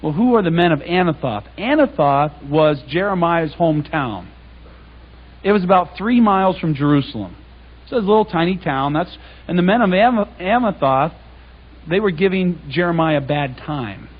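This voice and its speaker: A man giving a public Bible talk, reading scripture and then paraphrasing it in lively everyday speech. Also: on the high side, moderate pace, husky, lo-fi sound. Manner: conversational, animated, reads scripture aloud and paraphrases it in casual speech. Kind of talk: sermon. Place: congregation hall.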